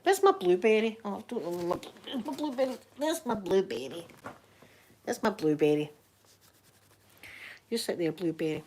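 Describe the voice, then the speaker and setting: A woman's voice: mid-range voice, big pitch swings, normal speed, long pauses, a little mellow, a little hiss or hum. Chatty woman with a thick Scottish accent. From Scotland. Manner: chatty, laughs often, reads out viewer names. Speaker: livestreaming YouTuber. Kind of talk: casual live chat.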